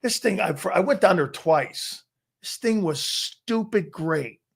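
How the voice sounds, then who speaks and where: A man's voice: sits high, expressive, slow, creaky, husky. Boastful, profane middle-aged male show host. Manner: boastful, profane, laughs often. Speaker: sports talk show host. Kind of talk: casual storytelling chat.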